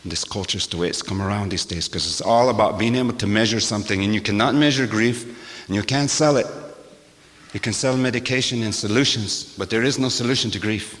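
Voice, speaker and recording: A man's voice: lowish voice, fast. Older man preaching in a reverberant hall. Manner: rhythmic, repetitive chanting cadence, swinging from loud to hushed; wry, laughing asides. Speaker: shaman speaker. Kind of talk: sermon-like talk to a gathering. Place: church hall.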